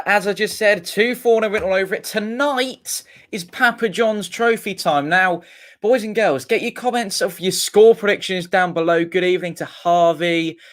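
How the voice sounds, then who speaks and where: A man's voice: high voice, a bit bright. Chatty man hosting a livestream. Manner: chatty, greets viewers, reads comments aloud. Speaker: livestream host. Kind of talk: casual fan watch-along chat.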